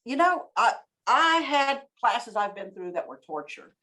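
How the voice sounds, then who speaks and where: A woman guest on a podcast, talking in a lively, storytelling way. Her voice sits a little high and swings widely in pitch as she acts out examples with emphasis. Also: unhurried. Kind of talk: casual interview chat.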